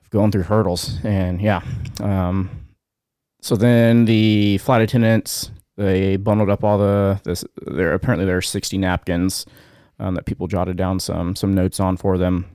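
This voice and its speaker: A man with a fairly low voice reads a news story to his co-host. His delivery is halting and full of fillers, and he gets choked up along the way. The sound is dry and close. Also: level tone, dark tone, clear, resonant tone, no room sound. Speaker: podcast co-host. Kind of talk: casual chat, reading a news story.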